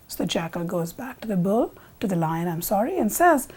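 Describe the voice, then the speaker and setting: A woman narrating a folk tale for a television program, expressive and animated. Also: medium pitch, normal speed, hardly any pauses, slightly rough. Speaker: storyteller.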